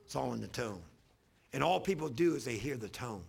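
A man preaching a fervent sermon as pastor, swinging from loud emphasis to hushed lows and calling on the congregation to answer. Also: expressive, fairly quick, gravelly, breathy edge. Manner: calls for congregation responses.

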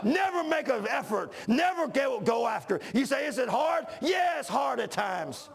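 A man from Washington, D.C., preaching a sermon in a fervent, folksy way, often shouting and calling listeners "man". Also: very high-pitched, big pitch swings, normal speed, gravelly, crowd noise. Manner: folksy, says "man" a lot.

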